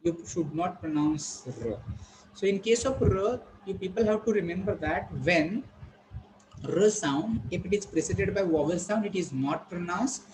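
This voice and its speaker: A male teacher giving a classroom pronunciation lesson, patiently repeating words slowly and quizzing the class. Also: sits high, a little mellow, a little hiss or hum, rough recording. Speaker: English teacher.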